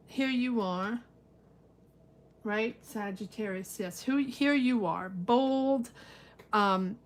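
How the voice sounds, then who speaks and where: Middle-aged woman hosting a live tarot reading, unhurried and musing, somewhat high voice. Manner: musing, talks to viewers by name. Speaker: tarot reader.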